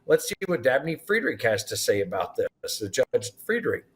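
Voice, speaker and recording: A man's voice: mid-range voice, big pitch swings, moderate pace. A man, a guest in an interview, retelling events animatedly and acting out the dialogue. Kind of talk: storytelling in an interview.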